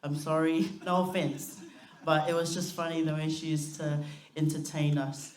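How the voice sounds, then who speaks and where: A woman's voice: deep voice, little pitch movement, normal speed, darkish tone. Woman giving a heartfelt eulogy in an echoey hall. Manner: heartfelt, chatty, with fillers and laughter. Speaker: eulogy speaker, youngest sister. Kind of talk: funeral eulogy. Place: funeral service hall.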